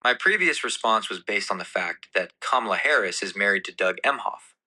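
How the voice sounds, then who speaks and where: A man's voice: fairly low pitch, a little fast, rough recording. A man's synthetic assistant voice answering in a polite, formal tone. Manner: polite, formal, even-toned.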